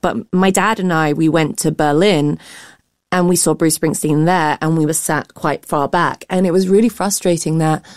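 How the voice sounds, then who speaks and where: A woman's voice: low-pitched, steady tone, moderate pace, darkish tone, no echo, studio quality. A British woman chatting as a guest, telling stories with enthusiasm. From Britain. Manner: enthusiastic, storytelling. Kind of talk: casual chat.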